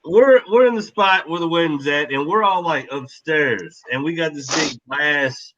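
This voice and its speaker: A man's voice: fairly high pitch, moderate pace, fairly bright tone, muffled recording. A man guest telling a casual, profane story in a laid-back, rambling way.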